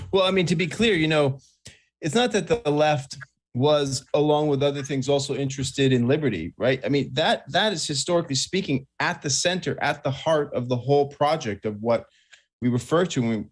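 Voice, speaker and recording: A man from New England with a standard broadcast accent, a guest writer answering interview questions in a measured, explanatory way. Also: medium pitch.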